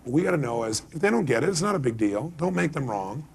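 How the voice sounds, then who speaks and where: A man with a gravelly, husky voice, speaking a little higher than most men. He gives a motivational seminar talk with animated energy, acting out little bits of dialogue and firing questions at the audience. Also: fast talker.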